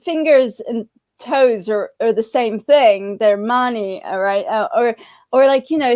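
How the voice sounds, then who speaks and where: A woman's voice: a little high, normal speed, darkish tone. A woman with a British accent, a comic creator guest chatting casually and laughing a lot. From Britain. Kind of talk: casual interview chat.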